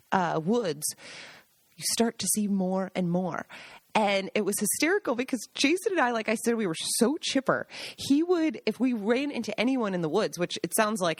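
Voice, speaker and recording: A woman hosting a podcast tells casual, animated stories in a chatty way. Her voice sits in a middle range and sounds dry and close. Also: medium pitch, no echo. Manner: chatty, animated, laughing anecdotes. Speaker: podcast host. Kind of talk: casual storytelling.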